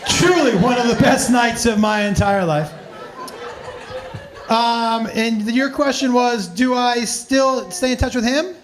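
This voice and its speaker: A male comedian telling profane stories at a live Q&A, animated and laughing often. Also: very high voice, takes it slowly, some chatter behind. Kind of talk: storytelling in a live Q&A.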